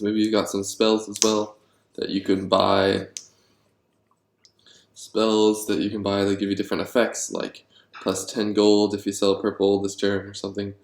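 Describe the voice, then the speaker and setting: A man designing board games and thinking aloud, rambling and getting excited about his ideas, with many ums. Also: fairly low pitch. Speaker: board game designer vlogger. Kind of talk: thinking aloud while brainstorming. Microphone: handheld camera. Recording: echoey room.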